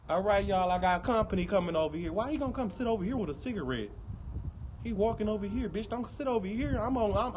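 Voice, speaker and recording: A man's voice: sits high, fairly bright tone, a little hiss or hum. A man with a Detroit accent doing a livestream, chatting with viewers in a brash, profane, teasing way. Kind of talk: casual livestream chat.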